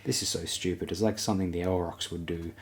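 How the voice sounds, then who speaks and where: A man's voice: low-pitched, steady tone, fast, vocal fry. A man voicing a nervous joking recruit.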